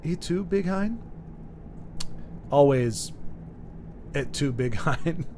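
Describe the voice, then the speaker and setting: A man's voice: fairly high pitch, animated, extremely slow, mellow, slight background noise. A man streaming live, chatting casually and rambling while he reads out viewer comments, with frequent restarts and chuckles.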